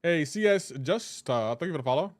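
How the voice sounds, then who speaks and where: A man hosts a live game stream, chatting casually and joking as he reads out viewers' names and messages and playfully teases them about pronunciation. His voice is on the high side with lively intonation and a slightly fast pace, recorded dry and clean in a studio.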